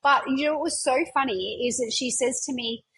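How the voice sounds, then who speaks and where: A woman's voice: high-pitched, brisk, fairly bright tone, a little hiss or hum, low-quality recording. Emphatic, encouraging woman mentor. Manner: emphatic and encouraging, with frequent fillers and occasional swearing. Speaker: business mentor and podcast host. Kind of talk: casual conversational coaching chat.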